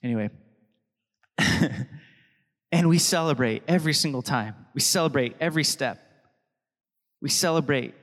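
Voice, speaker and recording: A man's voice: on the high side, moderate pace, long pauses, a bit bright, in a large hall. A young adult man preaching a sermon as pastor, chatty and anecdotal, often laughing between thoughts.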